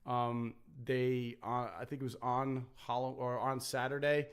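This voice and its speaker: A young man hosting a podcast, telling stories in a relaxed, rambling way with lots of fillers. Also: mid-range voice, unhurried, clear, resonant tone. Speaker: podcast host. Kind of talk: casual chat.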